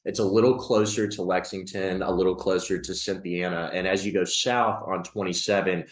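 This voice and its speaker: A man's voice: low voice, steady tone, moderate pace, echoey room, low-quality recording. A man from Kentucky with a Southern Kentucky accent, a reporter, speaking in an assured, matter-of-fact way. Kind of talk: casual interview answers.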